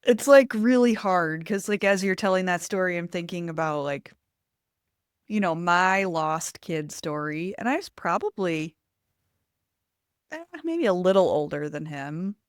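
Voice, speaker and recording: A woman from Western North Carolina, a podcast co-host, sharing a memory in relaxed, filler-filled chat. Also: lowish voice, unhurried, clear, resonant tone, dry recording, studio quality. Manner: chatty, many fillers. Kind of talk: casual conversational chat.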